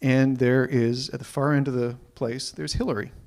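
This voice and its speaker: A man telling a personal story live, animated and often repeating himself as he builds up. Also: medium pitch, moderate pace. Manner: animated, repeats words when excited.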